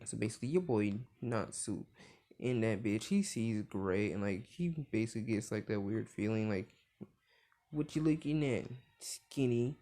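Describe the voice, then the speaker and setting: A man's voice: on the low side, lively intonation, moderate pace, dark tone. A young man casually retelling a cartoon crossover story, rambling with constant filler words and swearing. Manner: rambling, full of "like" fillers, profane.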